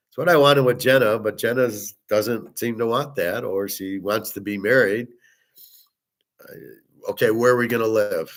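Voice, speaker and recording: A man's voice: lowish voice, measured pace, fairly bright tone. A middle-aged man hosting a casual monologue, telling a personal story in a blunt, profane way. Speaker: host.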